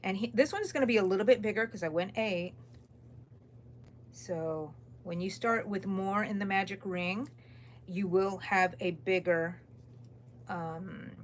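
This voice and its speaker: A crochet host from Texas reads viewer comments aloud on a live stream, chatting casually and rambling in an unhurried, medium-pitched voice with long pauses. She yawns and sounds tired, and slight background noise is present.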